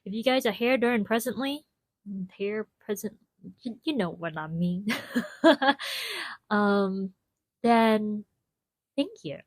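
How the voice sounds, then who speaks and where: A woman's voice: medium pitch, a little slow, no room sound. A young adult woman hosting a casual solo podcast at home, chatty and often laughing, calling her listeners y'all into a small clip-on mic. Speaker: podcast host.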